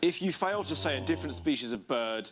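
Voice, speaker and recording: A man's voice: on the high side, lively intonation, fairly quick, fairly bright tone. A man on a game show, speaking with exasperated banter.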